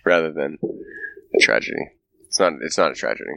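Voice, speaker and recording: Deep-voiced man ranting profanely. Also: animated, fast talker, vocal fry, a bit bright, no room sound. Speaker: podcast host. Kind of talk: casual chat.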